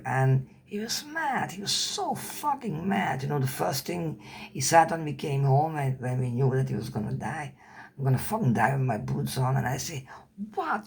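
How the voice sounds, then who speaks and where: Gravelly, husky Dutch-speaking woman. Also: a bass voice. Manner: candid, rambling, swears casually, searches for English words. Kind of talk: personal storytelling to camera.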